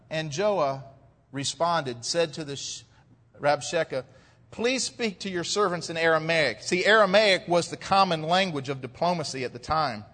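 High-voiced preaching man in a reverberant hall. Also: sharp tone. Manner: rises to emphatic preaching on key points. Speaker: pastor. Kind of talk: expository sermon.

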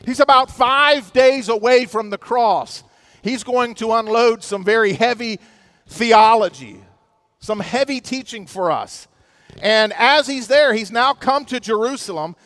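A man's voice: very high voice, unhurried, a bit bright, no room sound. A middle-aged male pastor preaching a sermon, earnest and storytelling, with touches of humor.

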